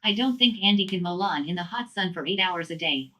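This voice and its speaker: A synthetic woman's voice reading out viewer chat messages in an even, mechanical delivery. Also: lowish voice, fairly quick. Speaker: text-to-speech chat reader.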